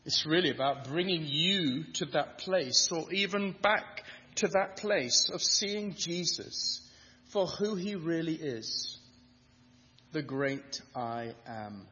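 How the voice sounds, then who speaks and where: A man's voice: a little high, sharp tone. A man preaching a sermon with an emphatic, rhythmic delivery that builds on repetition. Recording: dull lo-fi sound with long hall reverb.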